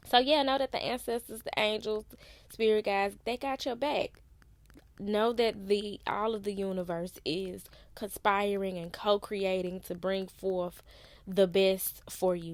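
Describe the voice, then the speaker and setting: Brief: woman tarot reader, low flat voice, laid-back slangy delivery, dry close sound. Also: creaky, dry recording. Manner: unhurried, conversational, loose slang. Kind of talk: casual spiritual reading.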